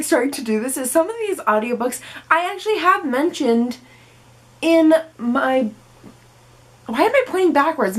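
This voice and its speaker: A young woman in her twenties talks to the camera in a high, bright voice. She is bubbly and playful, and now and then she slips into silly voices. It feels like a casual chat filmed at home. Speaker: book vlogger.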